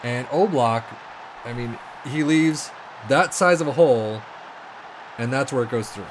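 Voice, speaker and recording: A man giving excitable, exasperated let's-play commentary on a football management game, swearing and talking to himself as the match goes. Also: mid-range voice, a little slow, background noise. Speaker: video game streamer.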